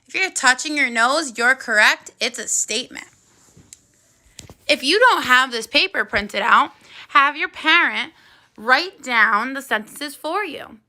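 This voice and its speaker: Woman teacher doing a first grade video lesson, high voice, slow and clear, encouraging the kids. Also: expressive, pushed and bright. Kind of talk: video phonics lesson for children.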